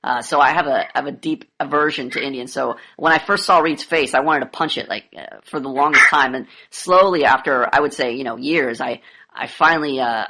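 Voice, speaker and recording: A woman fires off sarcastic, deadpan questions in a mock interview. Her voice sits low and she talks very quickly, barely pausing between jabs. The tone is pushy and provocative throughout.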